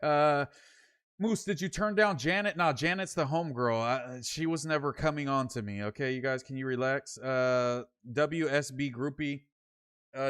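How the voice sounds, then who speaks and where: Young streamer from Sacramento, mid-pitched, casual, reads chat aloud and rambles through stories with plenty of "uh" and "like.". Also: male voice, normal speed, a bit bright, smooth. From Sacramento, California. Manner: rambling, slangy storytelling with many fillers. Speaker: streamer hosting a late show. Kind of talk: casual livestream chat, reading viewer comments.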